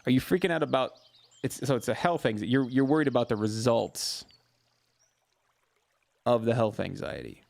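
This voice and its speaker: Gravelly-voiced man coaching live viewers. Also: medium pitch, expressive, normal speed, long pauses. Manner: warm, coaching, repeats phrases for emphasis. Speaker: therapist hosting a live Q&A. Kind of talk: live-stream advice answering viewer questions.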